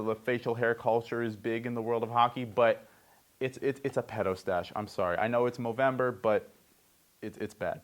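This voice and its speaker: A young man hosting a comedic sports news report, reading headlines with wry, joking asides. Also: mid-range voice.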